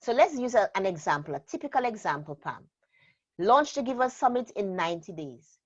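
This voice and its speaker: A woman trainer talks through her method in a steady, emphatic way, slowing down to lean on key words. Her voice sits mid-range. The recording sounds slightly dull and lo-fi. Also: medium pitch. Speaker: productivity trainer. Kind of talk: instructional interview talk.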